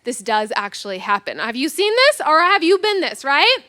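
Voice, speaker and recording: A woman's voice: high voice, moderate pace. A woman pastor in her thirties preaching a sermon, telling a funny personal story and acting out the lines of the people in it. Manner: animated storytelling with acted-out quotes, self-mocking humor.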